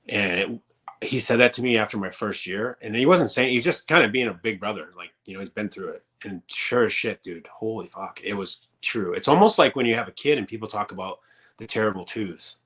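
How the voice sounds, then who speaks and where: Low-voiced man telling hockey stories. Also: a little fast, a bit bright. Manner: rambling and profane, many fillers. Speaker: guest, former pro hockey player. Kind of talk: casual storytelling interview.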